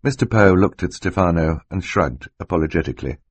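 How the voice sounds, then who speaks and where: A man reading an audiobook in a measured, expressive narration style. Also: deep voice, dry recording. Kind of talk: scripted narration. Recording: dry close recording.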